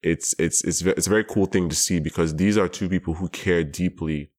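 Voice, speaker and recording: A man co-hosting a casual chat, thoughtful and rambling, with quick bursts of excitement. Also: low voice. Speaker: podcast co-host.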